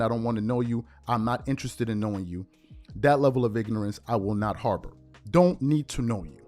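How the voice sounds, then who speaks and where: A show host from the Bronx in New York delivers a heated commentary monologue in a medium-pitched voice. He repeats himself for emphasis and builds to indignant outbursts, with faint music playing underneath.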